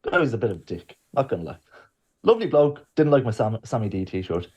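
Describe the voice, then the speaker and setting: Lively man telling a story. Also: on the low side, brisk, breathy edge, muffled recording. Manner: lively storyteller, acts out quotes. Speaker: podcast co-host. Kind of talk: casual storytelling.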